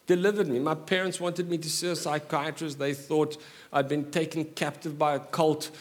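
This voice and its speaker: A middle-aged man preaching a sermon in an animated way, joking with quick asides. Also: a little high. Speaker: pastor.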